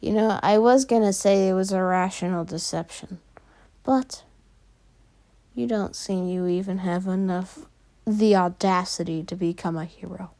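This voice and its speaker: A woman voicing a tired, stern adult male teacher who speaks flatly and bluntly. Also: medium pitch, measured pace, natural voice. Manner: flat and blunt.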